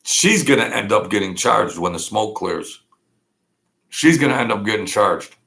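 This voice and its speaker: A man's voice: on the low side, expressive, moderate pace, gravelly, bright, forceful tone. A man talking in a blunt, rambling monologue full of street slang. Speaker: vlog host. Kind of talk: casual monologue.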